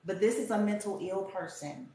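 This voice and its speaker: A woman's voice: mid-range voice, moderate pace. A woman giving a casual tarot reading in a blunt, profane, rambling rant. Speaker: tarot reader. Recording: very echoey room with faint hiss.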